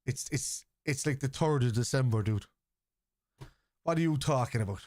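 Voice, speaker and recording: A man's voice: medium pitch, moderate pace, no room sound. Blunt sweary Scouse man, dry sound. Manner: blunt, sweary, argues with chat, shouts player names. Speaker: football watchalong streamer. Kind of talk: live stream chat and match reactions.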